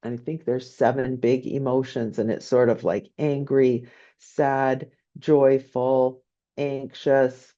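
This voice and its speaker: Chatty woman professor, mellow lo-fi sound. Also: extremely low pitch, level tone, slow. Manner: conversational, often asking "right?". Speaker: business professor. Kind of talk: online lecture answering questions.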